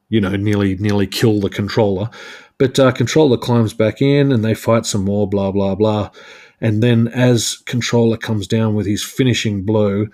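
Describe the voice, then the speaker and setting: A man's voice: fairly low pitch, warm tone. A man hosting a podcast, chatting through a comic book issue in a loose, self-mocking way and laughing at his own jokes. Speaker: podcast host. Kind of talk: casual comic book recap.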